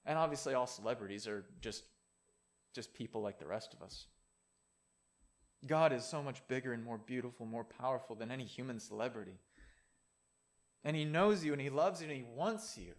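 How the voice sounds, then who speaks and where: A man's voice: mid-range voice, animated, moderate pace, long pauses. A man preaching a sermon in a conversational way, with playful asides.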